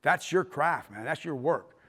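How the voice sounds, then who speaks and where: A man's voice: fairly high pitch, expressive, a little slow, a bit bright, breathy edge. A middle-aged man giving a filmmaking workshop talk, telling stories with acted-out quotes and the odd swear. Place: arts center auditorium.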